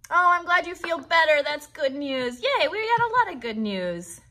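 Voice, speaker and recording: Woman with a high, bright voice hosting a kids' puppet livestream. She talks cheerfully and encouragingly, asking young viewers about their week. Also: sing-song, moderate pace. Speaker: host of children's puppet livestream. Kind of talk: friendly talk to young viewers.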